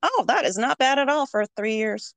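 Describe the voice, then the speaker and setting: A woman's voice: high-pitched, expressive, normal speed, no echo. A woman co-hosting a podcast in casual chat, blunt and playful, swearing freely. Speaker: podcast co-host.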